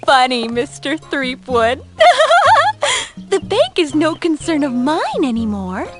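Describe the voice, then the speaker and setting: A giggly young woman with big dreams of stardom, high-pitched and swooping, slow and flighty in her speech. Game music plays clearly behind her. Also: big pitch swings, exaggerated voice. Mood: bubbly. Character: bubbly young woman, former bank teller, aspiring singer.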